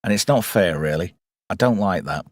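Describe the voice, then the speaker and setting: A man's voice: low voice, lively intonation, normal speed, dry recording. A man giving a rambling, irreverent movie commentary and swearing freely. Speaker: movie reviewer. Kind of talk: casual film commentary.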